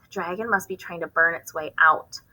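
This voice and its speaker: A woman reading a children's novel aloud, expressive, with occasional stumbles and rereads. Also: on the low side, normal speed, poor audio. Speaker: reader hosting a book channel.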